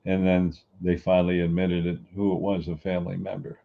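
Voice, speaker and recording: A middle-aged man with a very low, deep voice delivers an earnest motivational talk. He preaches and repeats his points. The recording sounds dull and lo-fi. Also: monotone, fairly quick, creaky. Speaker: podcast host.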